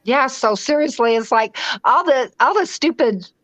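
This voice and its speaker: High-voiced, animated woman guest. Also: normal speed, no room sound, low-quality recording. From western United States (Utah, Idaho). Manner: animated, acts out her own inner voice, laughs easily. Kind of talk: casual interview conversation.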